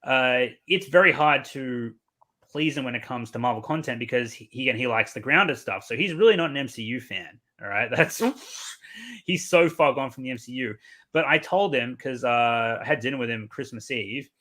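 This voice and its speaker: A man's voice: mid-range voice, moderate pace, bright, forceful tone. A man hosting a podcast, telling a story casually, with lots of swearing and animation. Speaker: podcast host.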